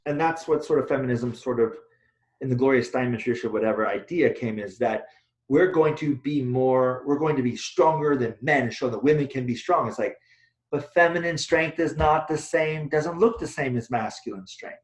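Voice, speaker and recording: A man's voice: medium pitch, normal speed. A man co-hosting a casual discussion, talking bluntly and swearing freely as he rants. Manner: blunt, profane, animated ranting. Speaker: co-host, Taoist teacher. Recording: echoey room, dull lo-fi sound.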